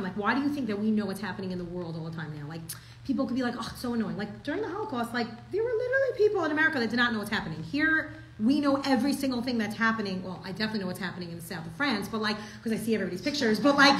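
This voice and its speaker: Fast-talking chatty young woman teacher. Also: a little high, echoey room, a little hiss or hum, poor audio. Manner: chatty, animated, peppered with "like". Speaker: class teacher. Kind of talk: casual Torah class.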